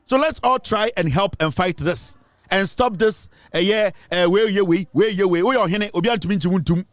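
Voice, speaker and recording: A man's voice: sits high, a little fast, no room sound. A Ghanaian man giving impassioned commentary, lecturing emphatically and switching between English and Twi. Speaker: online commentator.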